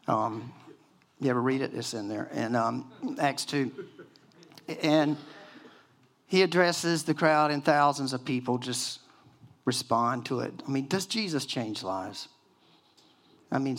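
A man in his sixties, a pastor preaching a sermon, telling stories in a lively, chatty way full of "you know"s. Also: mid-range voice, unhurried, long pauses. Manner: animated storytelling with many fillers and acted-out quotes.

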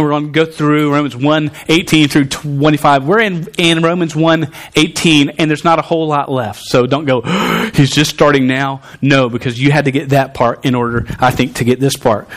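Animated man preaching a sermon. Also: a little high. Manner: animated, conversational, stumbling restarts.

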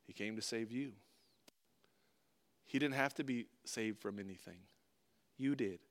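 Man preaching in a smooth resonant voice. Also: fairly low pitch, measured pace. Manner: earnest, conversational preaching, reads scripture then explains it plainly. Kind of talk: sermon.

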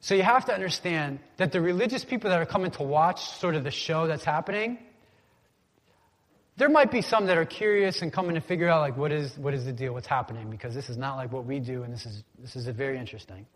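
A man's voice: fairly high pitch, fast, a bit bright. Man preaching a sermon in a hall. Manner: conversational, asks congregation to repeat words. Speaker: pastor. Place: church sanctuary. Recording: long hall reverb.

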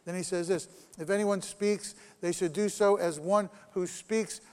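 A man's voice: high voice, fairly even intonation, measured pace, clear, resonant tone, in a large hall. A man preaching a sermon, earnest and repetitive, acting out prayers in the first person. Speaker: pastor.

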